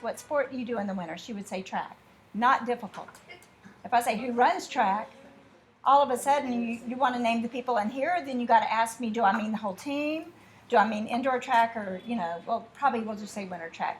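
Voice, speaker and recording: A woman teaches a class in a slightly high voice. She talks in a chatty way and acts out little exchanges to make her point. Faint classroom ambience sits behind her. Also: slight background noise. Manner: chatty, with drawn-out asides and mimicked dialogue. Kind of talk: classroom lesson.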